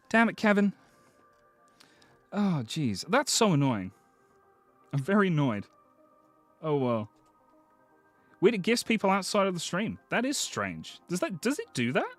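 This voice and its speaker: Male streamer, casual live chat, animated delivery, frequent swearing. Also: sits high, unhurried, pauses often, no echo, faint music behind. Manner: excitable, swears often, thanks viewers.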